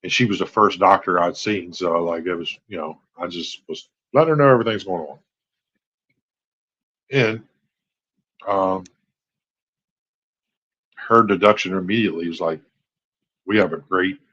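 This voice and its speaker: A husky-voiced man in his forties talks candidly on a late-night live stream, rambling and growing exasperated as he goes. His voice sits on the low side and is somewhat breathy and rough. The audio is dull and lo-fi, like a basic stream mic. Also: a bit bright. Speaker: host.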